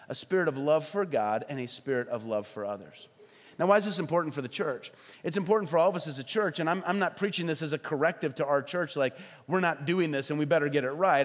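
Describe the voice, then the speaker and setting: A middle-aged man preaching a sermon as pastor, animated, often acting out quoted voices. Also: on the high side. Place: church hall. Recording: reverberant hall.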